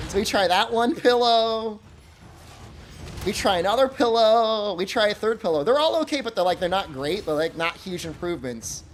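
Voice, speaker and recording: A man streaming a game, telling a funny story in a casual, animated way and laughing often. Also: high-pitched, normal speed, a little hiss or hum.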